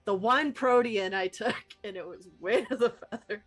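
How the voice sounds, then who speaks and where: A woman's voice: mid-range voice, normal speed, fairly bright tone, faint music behind. A woman playing a tabletop role-playing game who chats casually and laughs at her own moves. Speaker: player.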